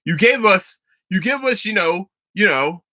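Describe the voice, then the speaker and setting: A young man hosting a casual solo podcast, ranting about a TV finale in a profane, excitable, rambling way full of restarts. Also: high-pitched, unhurried, no room sound. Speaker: podcast host.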